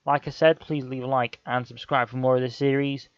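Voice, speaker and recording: A man's voice: medium pitch, level tone, fairly quick, clean tone, dry recording, muffled recording. Frustrated young man commentating. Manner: frustrated, exclamatory match commentary. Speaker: gaming channel host. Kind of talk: casual commentary over a football management game.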